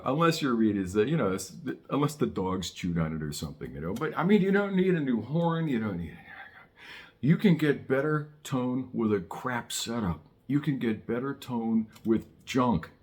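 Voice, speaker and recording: A man teaching saxophone in a casual video lesson, talking in a chatty, folksy way with self-deprecating asides. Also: on the low side. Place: Southern California.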